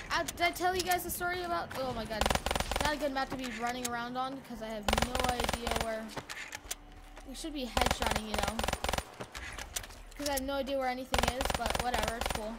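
A woman giving casual let's-play commentary on a video game, rambling and excitable with many fillers. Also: on the high side. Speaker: gaming YouTuber. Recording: home recording with loud background noise.

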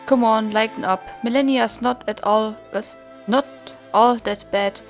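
A woman's voice: on the high side, steady tone, measured pace, faint music behind. A woman with a German accent reading the lines of a flip, teasing young male mercenary in a game.

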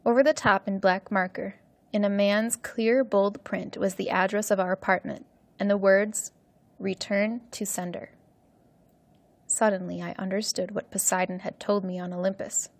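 A woman teacher reading a story aloud for English learners, slowly and carefully. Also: medium pitch, fairly even intonation, dry recording.

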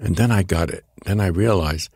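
An older actor with a New York Bronx accent tells rambling stories as an interview guest, restarting often and acting out quotes. His low voice is a little fast, a little mellow, and slightly rough, recorded in clean studio sound with no room echo.

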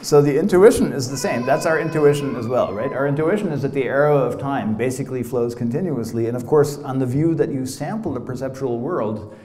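A middle-aged American man lectures in a roomy hall, his voice mellow and dark. He talks loosely and playfully, dropping casual asides as he explains. The room gives his voice a clear echo. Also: medium pitch, fairly quick. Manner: conversational, many "you know" asides, playful. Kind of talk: academic lecture.

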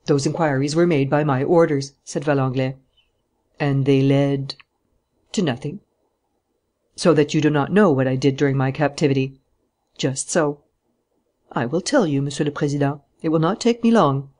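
Measured narrator reading a classic novel. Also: medium pitch, darkish tone. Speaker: audiobook narrator. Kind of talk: scripted narration.

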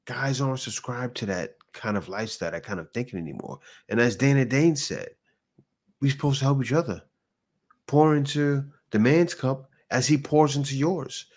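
A man's voice: mid-range voice, lively intonation, normal speed, darkish tone. A man hosting a reaction video, commenting casually with rhetorical questions and laughter. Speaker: reaction channel host.

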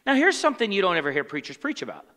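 A pastor teaches a Bible study sermon from the pulpit of a church sanctuary, his voice bright and lively and rapid-fire. Animated and conversational, he asks the congregation fill-in questions and acts out grumbling complainers in low, muttered asides. A long church-hall reverb colors the sound.

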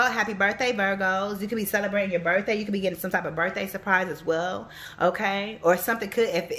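Woman, mid-pitched, casual psychic reader, chatty and animated, speaks straight to viewers. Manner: chatty, animated storytelling, addresses viewers directly. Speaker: psychic reader and life coach. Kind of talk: casual spoken reading to viewers.

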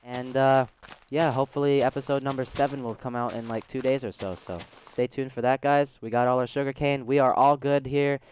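A man's voice: medium pitch, steady tone, brisk, a little hiss or hum. A man doing let's play commentary as a gaming host, rambling and chatty, thinking aloud as he plays. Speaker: gaming YouTuber.

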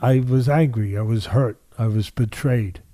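A man's voice: mid-range voice, a little slow, mellow, no echo, clean studio sound. An older man, a boxing trainer, telling stories in an interview, driving points home by repeating phrases. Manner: emphatic, repeats phrases for weight. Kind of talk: interview storytelling.

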